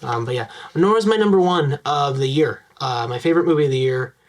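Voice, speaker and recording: An enthusiastic young man talking straight to his viewers about films he loves. He rushes through his words, breaking them up with frequent ums and uhs, and his voice sits at an ordinary middle pitch. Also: expressive. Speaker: vlogger. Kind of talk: casual film commentary to camera.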